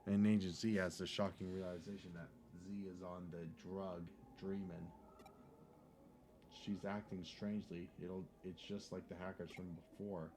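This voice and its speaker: Deep-voiced man reading game dialogue. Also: little pitch movement, measured pace, mellow, a little hiss or hum. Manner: reads every line with "says", adds joking asides. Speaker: gaming YouTuber. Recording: game music behind the voice.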